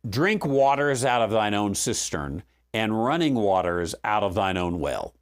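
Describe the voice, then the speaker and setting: A man's voice: lowish voice, lively intonation, measured pace. A man teaching verse by verse through a Bible book in a conversational way, with frequent fillers and restarts and a dry sense of humor.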